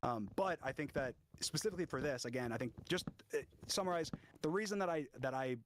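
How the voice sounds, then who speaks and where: A man explaining himself in a livestream discussion, halting and restarting often with many fillers. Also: on the high side, lively intonation. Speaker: interview guest.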